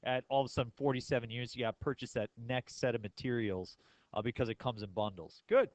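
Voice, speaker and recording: A man's voice: mid-range voice, fast, darkish tone, no room sound, rough recording. A male math teacher giving a classroom lecture in a casual, joking way and asking the class questions.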